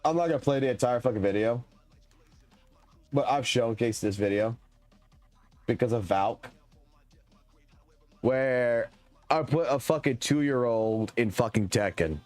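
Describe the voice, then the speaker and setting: A man's voice: medium pitch, unhurried, long pauses, darkish tone, no room sound, faint music behind. A young adult man streaming live, telling a long, rambling story in casual chat and swearing heavily. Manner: profane, rambling, heated storytelling.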